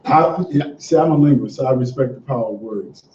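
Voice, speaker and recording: A man's voice: medium pitch, brisk, a little hiss or hum. A man leading a religious class, talking in an easygoing, encouraging way before reading a prayer to the group. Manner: relaxed, conversational, encouraging. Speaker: class teacher. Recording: dull, roomy sound from a distant mic.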